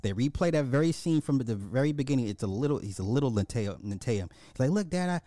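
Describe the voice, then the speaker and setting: A man giving an animated, emphatic casual recap of a movie, repeating himself for effect. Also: mid-range voice, fast talker, no echo. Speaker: movie reviewer.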